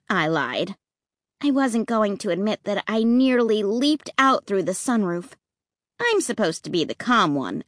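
A woman narrating a children's horror story in the first person with an expressive, suspenseful delivery. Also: medium pitch, dry recording, clean studio sound. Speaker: audiobook narrator.

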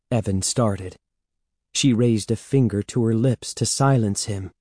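A man narrating an audiobook in slow, measured storytelling, close to the mic. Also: lowish voice, a little mellow, dry recording. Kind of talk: scripted narration.

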